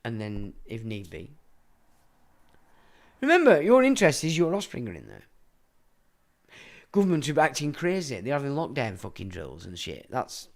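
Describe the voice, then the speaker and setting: A middle-aged man delivers a rambling livestream monologue. His talk is blunt and full of swearing, and his pitch swings widely as he rants. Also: wildly swooping pitch, moderate pace, pauses often. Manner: blunt, profane, ranting. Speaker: livestream host.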